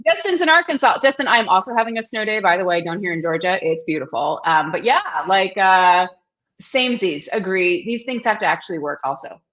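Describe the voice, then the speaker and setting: A woman's voice: mid-range voice, expressive, brisk, fairly bright tone. A woman co-hosting a casual chat, chatty and irreverent, swearing and laughing often, heard over a video call. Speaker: co-host. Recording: dull lo-fi call audio.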